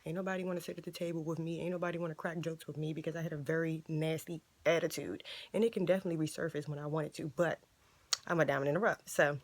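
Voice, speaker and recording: A young woman in her twenties gives a casual, conversational sermon straight to the camera. She talks emphatically and repeats her points for stress. Her voice sits a little low. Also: fairly even intonation, very fast, a little mellow. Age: 20s. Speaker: ministry video host.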